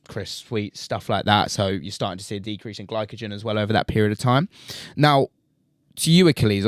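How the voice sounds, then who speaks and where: Lower-voiced man hosting a podcast. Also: no room sound, studio quality. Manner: explanatory, lays out examples at length. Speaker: podcast host. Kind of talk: casual podcast chat.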